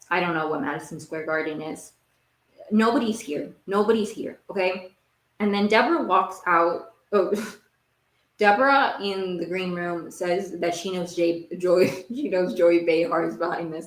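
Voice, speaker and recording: Young woman host rambling through a tv recap, lowish voice, lots of likes, echoey room. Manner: rambling and emphatic, heavy use of "like", repeats phrases. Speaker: podcast host. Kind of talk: casual TV recap monologue. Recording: roomy echo.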